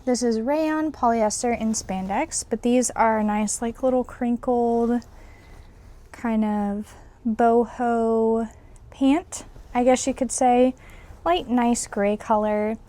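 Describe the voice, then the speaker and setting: Slightly high-pitched and dark in tone, a young woman takes her time narrating a casual vlog about her reselling business, showing items to the camera. She's chatty, uses lots of fillers, and sounds a little out of breath.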